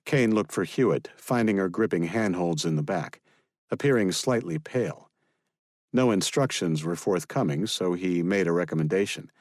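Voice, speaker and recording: A man narrating a thriller audiobook in a steady, even storytelling manner. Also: sits low, normal speed, no echo, clean studio sound.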